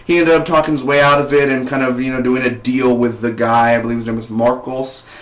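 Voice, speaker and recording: A man's voice: medium pitch, level tone, brisk, roomy sound. A young man casually reviewing a TV episode, chatty and rambling with side comments. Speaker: TV show reviewer.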